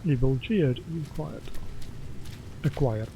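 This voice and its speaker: A man's voice: medium pitch, animated, slow, mellow, a little hiss or hum, poor audio. Man chatting through a game stream. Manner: reads game text aloud, thinking aloud. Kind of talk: casual gameplay commentary.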